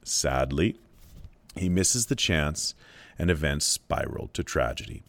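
A man giving a literature lesson, explaining a novel with measured, expressive reading. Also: extremely low pitch. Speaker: literature lecturer. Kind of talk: book analysis with read-aloud passages.

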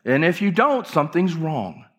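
A man's voice: on the high side, very animated, moderate pace, a bit bright. A male pastor delivering an impassioned, emphatic church sermon with repeated phrases. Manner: impassioned, emphatic preaching with repetitions.

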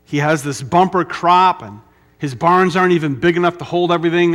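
A middle-aged man preaching a sermon, emphatic, with dramatic pauses and repetition. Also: on the high side, a bit bright. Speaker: pastor.

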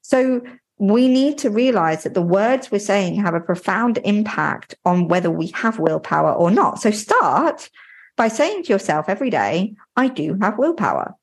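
Lively, husky-voiced woman podcast coach. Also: mid-range voice, a little slow. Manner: earnest and coaching, addresses listener directly; plain-spoken, slightly informal. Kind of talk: motivational podcast talk.

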